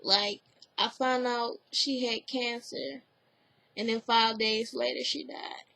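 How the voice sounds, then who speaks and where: A woman's voice: fairly high pitch, fairly even intonation, slow pace, vocal fry, pushed and bright, rough recording. A woman giving a casual spoken recap of a TV episode, rambling with lots of "like" and "you know", earnest and emotionally open. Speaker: TV recap vlogger.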